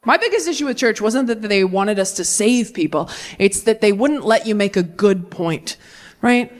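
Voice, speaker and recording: A woman in her thirties performing stand-up comedy on stage, telling stories with quick deadpan turns and playful voices. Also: medium pitch, slight background noise. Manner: animated, deadpan storytelling with jokey voices. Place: comedy stage before a live audience.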